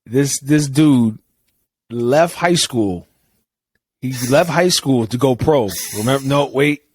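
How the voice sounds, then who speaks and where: A man's voice: mid-range voice, slow pace, slightly rough, dry recording. A young man, podcast co-host, talking casually in a laid-back way with casual swearing. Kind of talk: casual chat.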